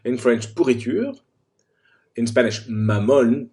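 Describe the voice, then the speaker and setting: A man's voice: medium pitch, expressive, measured pace, a little mellow. Playful man teaching insults. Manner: playful, rolls out foreign swear words with relish. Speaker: language tutor. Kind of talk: casual comic tutorial on insults.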